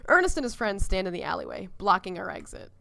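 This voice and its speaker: A woman hosting a let's play, reading a visual novel aloud in an animated, comedic way. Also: fast talker, creaky. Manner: animated and comedic, pitch leaping on exclamations.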